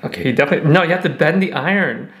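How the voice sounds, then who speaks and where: A man, a professional hairstylist, reviewing a flat iron in a chatty, excitable, dramatic way. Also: fairly high pitch, racing. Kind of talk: casual product review vlog.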